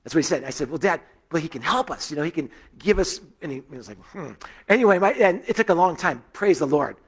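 Man, middle-aged, pastor preaching, chatty storytelling, fairly high voice. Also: expressive, fast talker, breathy edge. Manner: conversational storytelling, many fillers and restarts. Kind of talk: sermon.

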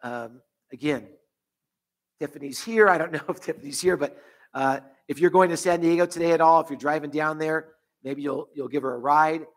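Pastor, male, closing a sermon in prayer, earnest, halting, slightly high voice. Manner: earnest prayer with many repetitions and restarts. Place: church sanctuary.

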